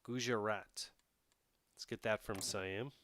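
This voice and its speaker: A man's voice: lowish voice, fairly even intonation, slow pace, fairly bright tone, slight background noise. A man streaming a strategy game, thinking aloud and chatting with his viewers in a casual way. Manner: thinks aloud, talks to chat. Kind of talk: casual live-stream commentary while playing a strategy game.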